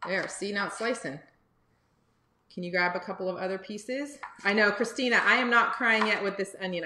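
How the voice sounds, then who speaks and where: A woman's voice: mid-range voice, reverberant, background noise. A woman hosting a live cooking lesson for kids from a home kitchen, chatty and encouraging as she talks to viewers. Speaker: cooking teacher and livestream host. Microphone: phone or camera on livestream.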